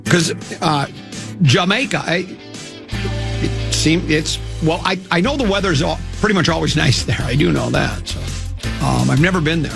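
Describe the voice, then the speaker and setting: A man's voice: on the high side, expressive, normal speed, gravelly, music in the background. A man hosting a sports radio show, rambling and joking in casual studio chat, restarting his sentences often. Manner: rambling, jokey, full of restarts.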